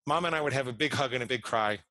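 A man in his fifties, a podcast guest, earnestly telling a personal story and explaining ideas, slowing down to stress key words. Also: medium pitch, sharp tone, no echo, rough recording.

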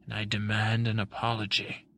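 A man's voice: lowish voice, moderate pace, slight background noise. A man doing a proud tomcat knight. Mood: indignant. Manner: formal, stern and calm.

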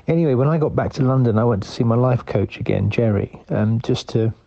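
Creaky, mellow man whispering rambling voice notes. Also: mid-range voice, brisk, muffled recording. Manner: hesitant and rambling, with many restarts; whispering quietly. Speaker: comedy podcast co-host. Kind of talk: improvised comic voice-message monologue.

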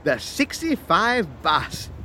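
A man's voice: high-pitched, wildly swooping pitch, very slow, sharp tone, slight background noise. A man narrating a comic audio sketch, bumbling and chatty, talking to listeners as his friends.

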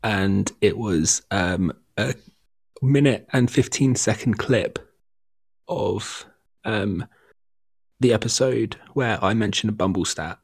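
A man's voice: fairly low pitch, takes it slowly, creaky, breathy edge. A man co-hosting a casual podcast, sounding sick, with a teasing, wry manner. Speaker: podcast co-host. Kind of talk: casual chat.

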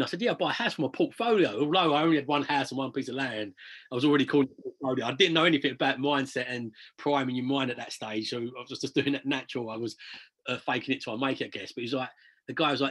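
A man's voice: mid-range voice, rapid-fire, a bit bright, slightly rough. A man who invests in property, telling stories in a chatty, rambling way in an interview, often repeating words as he restarts. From southern England. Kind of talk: casual interview storytelling.

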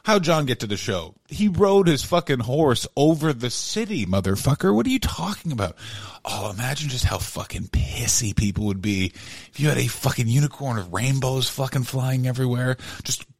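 A man hosting a comedy podcast, ranting profanely in an animated monologue. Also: mid-range voice, a little fast, gravelly. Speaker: podcast host.

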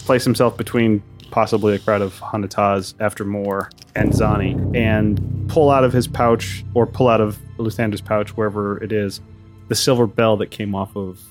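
A man playing a tabletop role-playing game, describing actions plainly and with a wry edge. His voice sits fairly low, over clear background guitar music. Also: steady tone, normal speed. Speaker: player. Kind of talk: casual tabletop play.

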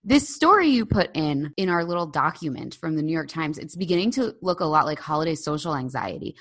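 A woman co-hosting a casual chat podcast, telling stories in a chatty, animated way and putting on voices when she quotes people. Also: sits low, a little fast, soft background music. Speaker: podcast co-host. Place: living abroad in Britain.

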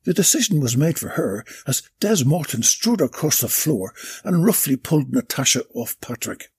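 Gravelly deadpan male story reader. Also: medium pitch, moderate pace, no echo, studio quality. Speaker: narrator reading his own erotic novel.

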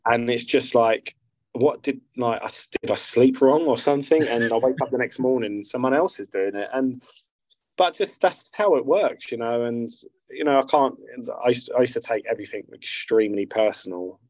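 A man's voice: medium pitch, normal speed, darkish tone, no room sound, low-quality recording. A man, chatting casually as a guest musician, rambling and swearing freely. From South London. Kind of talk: casual interview chat.

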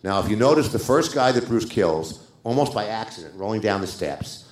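Older male screenwriter, low voice, animated raconteur, live theater echo. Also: fairly quick. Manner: animated storyteller, acts out quotes. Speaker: screenwriter guest. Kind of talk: live stage interview anecdote. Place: theater stage. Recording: roomy live theater sound.

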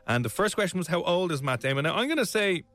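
A man's voice: high voice, fast talker. A man, hosting a playful casual chat on radio. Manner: playful, lively, trails off into jokes. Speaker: radio host.

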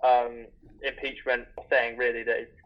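A man speaks in a flat, matter-of-fact monotone. His pitch stays at a middle level and hardly moves. The audio is muffled and lo-fi. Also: unhurried. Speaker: podcast co-host. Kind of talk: casual podcast chat. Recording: dull lo-fi audio.

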